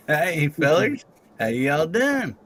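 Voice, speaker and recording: A man's voice: fairly high pitch, big pitch swings, takes it slowly, a bit bright, breathy edge. A laid-back man chatting as a guest on a livestream, folksy and easygoing. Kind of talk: casual chat.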